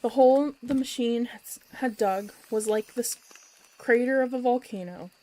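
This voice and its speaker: A woman storyteller reading a children's book aloud at bedtime with expressive, lively narration. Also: fairly high pitch, normal speed, poor audio.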